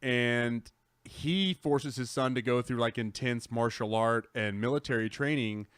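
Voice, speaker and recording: A man in casual chat on a live gaming show, talking at a middle pitch. He rambles, restarts and circles back on himself with easy enthusiasm. His voice is recorded close and dry. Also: unhurried, a bit bright, smooth, dry recording. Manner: rambling, self-correcting, enthusiastic. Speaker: podcast co-host.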